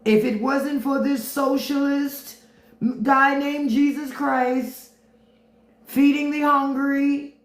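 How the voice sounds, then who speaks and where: A woman's voice: high-pitched, reverberant, pitched above the performer's own voice, poor audio. A woman impersonating a whiny, self-pitying male politician in a mocking, complaining tone. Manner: whining, mocking impression.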